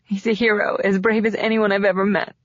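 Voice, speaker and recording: A man's voice: sits high, little pitch movement, a little fast, a bit bright, dry recording, highs cut off, pitched above the performer's own voice. A male narrator voicing a grieving young woman who speaks in a trembling, pleading voice. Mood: distraught.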